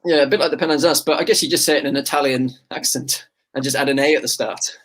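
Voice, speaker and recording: A man's voice: medium pitch, steady tone, fast talker, a bit bright. A man co-hosting an online quiz, chatting about the answers in a joking, self-deprecating way. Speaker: quiz co-host. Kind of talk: casual quiz answer chat.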